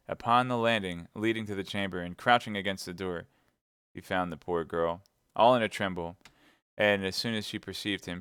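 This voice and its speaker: A male narrator reading an audiobook live with a measured, subdued delivery. His voice is low and smooth. The sound is dry and close. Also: a bit bright, dry recording.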